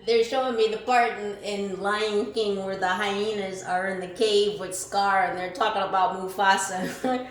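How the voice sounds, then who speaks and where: A tarot reader with a medium-pitched voice gives a spiritual card reading, swinging from calm, musing questions to loud, fired-up exclamations. She reads affirmations aloud and swears casually, in an echoey room with faint music behind her.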